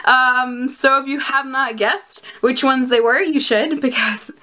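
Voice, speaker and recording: A woman's voice: high-pitched, fairly even intonation, unhurried. A young woman chatting casually to camera in a vlog, giggly and bubbly, often laughing between her words. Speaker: vlogger reviewing plush collectibles.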